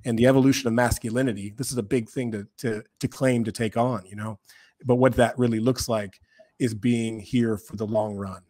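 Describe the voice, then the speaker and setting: A man with a mid-range voice speaks as a podcast guest, impassioned and almost preacher-like. He slows down and repeats phrases for emphasis. The sound is dry and close, with no room echo. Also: mid-range voice, fairly even intonation, mellow. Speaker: podcast guest, men's group co-founder. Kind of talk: earnest podcast conversation.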